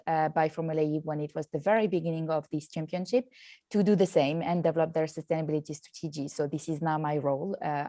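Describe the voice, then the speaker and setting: A woman's voice: on the low side, warm tone, no echo. Frenchwoman speaking with a dry, close sound. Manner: hesitant, many fillers and restarts. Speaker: guest, sustainability director. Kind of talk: webinar interview answer. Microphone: video call.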